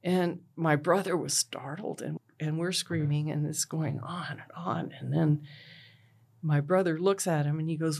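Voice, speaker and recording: A middle-aged woman recounting a painful personal story in an interview. She talks in a halting, everyday way, stringing the events together with "and then" and "he goes", with frequent "uh" between them. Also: low voice, steady tone, creaky, a little mellow, husky. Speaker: interviewee, bereaved mother. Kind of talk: personal retelling.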